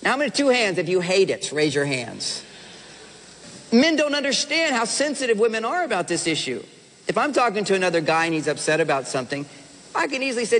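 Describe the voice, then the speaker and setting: A man with a fairly high voice addresses a live audience in a big hall, his words trailing into a long reverb. He talks in an animated, playful way, slipping into the voices of husbands and wives to make his point. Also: fairly quick, a little hiss or hum. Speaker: relationship speaker. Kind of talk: seminar talk to a live audience.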